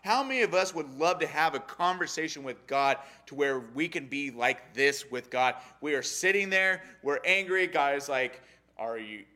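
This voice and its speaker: A young adult man giving a casual sermon on a Bible story, animated and acting out the characters' lines. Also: on the high side. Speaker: Bible study teacher.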